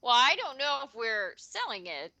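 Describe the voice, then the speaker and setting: A woman's voice: fairly high pitch, very animated, moderate pace, bright, forceful tone, no room sound. A woman playing a tabletop game, speaking politely and tentatively. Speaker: player. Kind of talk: in-character tabletop play.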